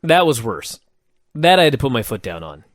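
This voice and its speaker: A man co-hosting a podcast, animated and quick to laugh, swearing for emphasis as he reviews old wrestling shows. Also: medium pitch, dry recording, clean studio sound. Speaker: podcast co-host. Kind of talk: casual review chat.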